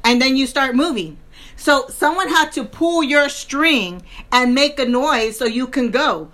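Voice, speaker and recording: Bright high-voiced laughing woman. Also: unhurried. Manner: animated, laughing, acts out sounds. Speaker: podcast co-host. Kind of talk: casual storytelling chat.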